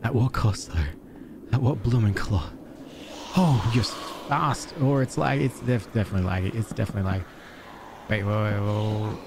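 A man giving casual, excitable commentary while playing a game, with panicky outbursts and self-mocking asides. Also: fairly low pitch, normal speed, background noise. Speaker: gaming let's-play host.

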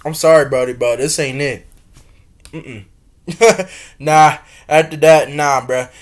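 A young man casually reacting to a music video, talking in slang, swinging between loud exclaims and low mutters, laughing often. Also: slow pace. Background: faint music from the video being watched.

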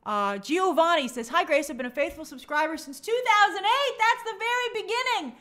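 Bubbly high-voiced woman hosting a live chat. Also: animated, brisk, sharp tone. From New York. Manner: bubbly, gushing, stumbles over names. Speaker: livestream host. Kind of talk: casual live chat reading viewer comments.

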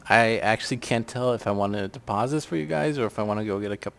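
A man's voice: fairly low pitch, fast, vocal fry, faint music behind. A man giving rambling, sarcastic casual commentary on a strategy game, swearing offhandedly. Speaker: gameplay commentator.

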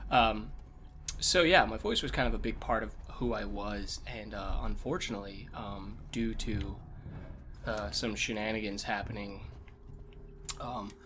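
Hoarse man quietly narrating gameplay. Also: slight background noise. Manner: talks quietly and low, coughs often. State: hoarse, damaged vocal cords. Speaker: let's play host. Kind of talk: gameplay commentary. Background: game sounds and music.

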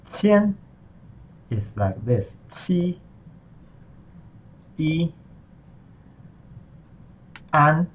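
A man with a medium-pitched voice teaches Mandarin in a screen-recorded lesson, patiently going step by step through what's on screen in simple, non-native English. The recording's high frequencies are cut off.

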